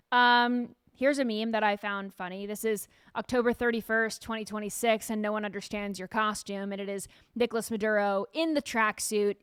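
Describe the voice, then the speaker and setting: A woman hosting a casual news commentary show, animated and sarcastic, firing off rhetorical questions. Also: on the high side, smooth, no echo, studio quality. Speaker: show host.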